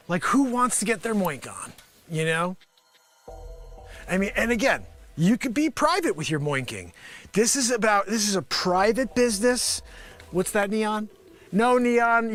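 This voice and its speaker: A man hosting a live improv comedy show, rambling through a pitchman bit and talking to an imagined panel, now and then bursting into shouts. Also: big pitch swings, measured pace.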